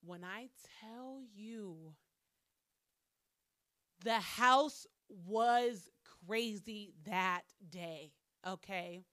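A woman with a bright, sharp-edged voice tells a story from her past to her viewers. She chats casually and swears freely. Now and then she bursts into loud exclamations. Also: medium pitch, very slow, dry recording, studio quality. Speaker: vlogger.

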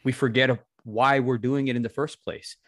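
A man's voice: mid-range voice, fairly even intonation, moderate pace, a bit bright, dry recording, clean studio sound. A man hosting a podcast, talking earnestly to his listeners and urging them on, with a few stumbling restarts. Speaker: podcast host. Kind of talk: reflective podcast talk to listeners.

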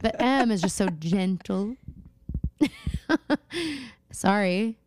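A woman's voice: medium pitch, expressive, drawn-out words. A woman co-hosting a podcast, chatting casually and playfully about a TV show, riffing on jokes and laughing often. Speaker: podcast co-host. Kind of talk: casual chat recapping a TV show.

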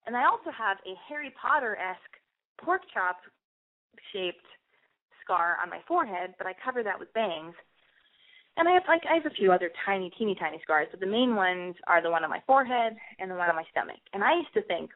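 A young adult woman rambles through casual listener advice, blunt and unafraid of profanity, often restarting her sentences. Her voice sits at an ordinary middle pitch. The sound is narrow and tinny, like a phone call. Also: sing-song, a little fast. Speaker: advice podcast host.

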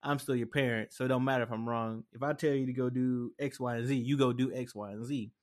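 A man's voice: mid-range voice, fairly even intonation, quick pace. A young man hosting a casual solo podcast, telling stories in a rambling way with many fillers and restarts. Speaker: podcast host.

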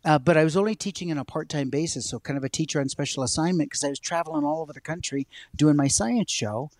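A man telling a personal story as a guest on a talk show, an animated storyteller. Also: a little high, quick pace, no room sound. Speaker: guest, science educator. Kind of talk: storytelling in a conversation.

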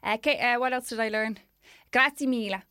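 Bright-voiced woman. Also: fairly high pitch, level tone, fast, clean tone, no echo, studio quality. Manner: self-mocking, playful. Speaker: podcast co-host. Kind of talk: casual chat.

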